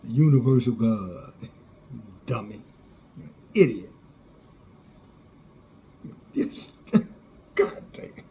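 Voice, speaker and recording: A man's voice: medium pitch, lively intonation, slow, pauses often, mellow, a little hiss or hum. A man preaching a fiery sermon, scornful and sarcastic, often laughing at those he criticizes.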